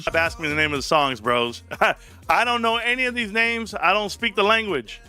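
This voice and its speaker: A man hosting a casual livestream from home, talking in an animated, rambling way with casual swearing. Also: on the high side, fast talker, clear, resonant tone, no room sound. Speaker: livestream host.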